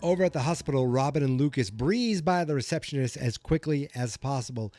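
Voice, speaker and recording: A man's voice: mid-range voice, fairly quick, soft background music. Worked-up man recapping a TV episode. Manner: animated, gets worked up and vents. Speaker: podcast host.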